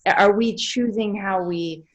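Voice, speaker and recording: Woman podcast host, thoughtful and supportive, mid-pitched, thinks out loud. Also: measured pace. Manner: reflective, affirming, searching for words. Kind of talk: podcast conversation.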